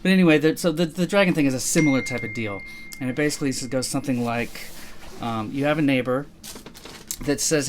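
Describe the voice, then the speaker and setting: Casting: adult man, mid-pitched, loose chatty podcast delivery, lots of restarts, faint background noise. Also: fast. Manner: rambling, self-correcting, acts out quoted dialogue. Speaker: podcast co-host. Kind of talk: casual conversational podcast.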